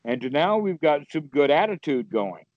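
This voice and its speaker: A man's voice: very animated, normal speed, a little mellow, no room sound, muffled recording. A man teaching Buddhist practice in casual talk, playfully acting out inner voices. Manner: playful, acts out inner voices with sudden high exclamations. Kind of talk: casual spoken teaching on a call.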